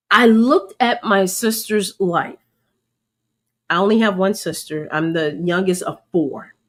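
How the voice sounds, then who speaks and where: A woman leading a ministry, giving a candid, emotional live testimony and preaching, calling her listeners y'all. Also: medium pitch. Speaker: ministry leader.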